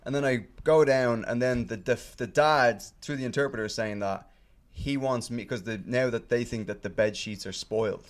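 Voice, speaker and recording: This man speaks at a moderate pace with a medium pitch, appearing as a podcast guest who spins stories. It's a laid-back chat where he rambles through a long tale, swearing and stumbling over fillers and restarts.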